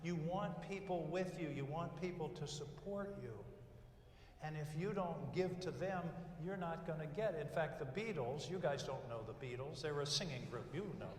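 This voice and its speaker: An older man gives a graduation speech in a folksy storytelling manner, working through numbered advice. His voice sits high and comes through a reverberant hall. The mic is some distance away, with faint background noise. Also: normal speed. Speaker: commencement speaker. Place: large hall at a graduation ceremony. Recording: echoey hall from far off.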